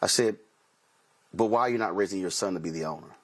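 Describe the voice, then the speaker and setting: Fast-talking, with a low-pitched and somewhat bright voice, a male talk show host delivers an emphatic monologue of anecdotes. He acts out dialogue, quoting himself and others, and hammers key phrases by repeating them.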